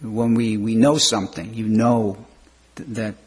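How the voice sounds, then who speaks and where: A man preaching a sermon, slow and measured, with rising emphatic questions, often clearing his throat. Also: lowish voice, fairly even intonation.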